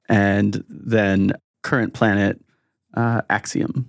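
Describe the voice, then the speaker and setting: A game master narrating a tabletop game in a relaxed, rambling way, with frequent fillers. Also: low-pitched, slow pace, creaky, dry recording, clean studio sound.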